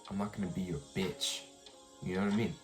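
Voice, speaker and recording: A man's voice: deep voice, steady tone, quick pace, faint music behind. A young man telling a rambling, frustrated story about work in a casual vlog, with many restarts and some swearing. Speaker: vlogger.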